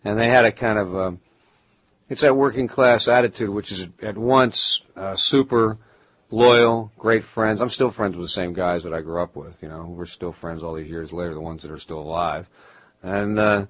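Deep husky-voiced man musing, halting. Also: a bit bright, no echo, low-quality recording. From Baltimore. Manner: musing, halting, with many restarts and fillers. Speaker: writer, interview guest. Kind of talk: reflective conversational interview.

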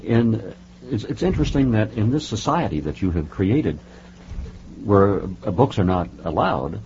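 Lively low-voiced male interviewer. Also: unhurried. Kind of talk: interview questions. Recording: muffled recording with faint hum.

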